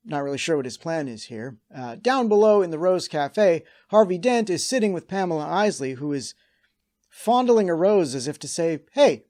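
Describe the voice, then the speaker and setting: A male host reads his scripted episode recap and drops in wry, sarcastic asides. His voice sits a bit higher than most men's. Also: a little mellow.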